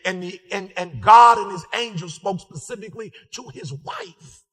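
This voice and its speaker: A man giving an impassioned sermon-style motivational speech, fiery and repetitive, calling out to the crowd and breaking into shouts. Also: high voice, lively intonation, normal speed, husky, long reverb tail. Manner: fiery, repetitive call-and-response, bursts into shouts. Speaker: motivational speaker and preacher.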